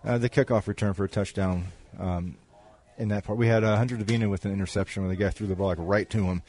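A man's voice: fairly low pitch, fairly even intonation, fast talker, darkish tone. A man giving color commentary on a postgame football radio show, rambling with many restarts. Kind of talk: postgame radio sports talk.

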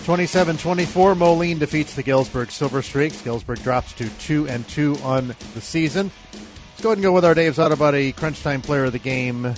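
A man hosting a postgame high school football radio show, brisk and leading the talk. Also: soft background music. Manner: brisk, leads the segment. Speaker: play-by-play radio announcer.

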